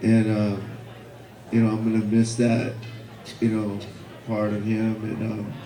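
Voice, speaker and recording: A man speaking at a memorial, telling a personal story in a halting way with many fillers and repeated words. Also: fairly low pitch, monotone, warm tone. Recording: echoey hall.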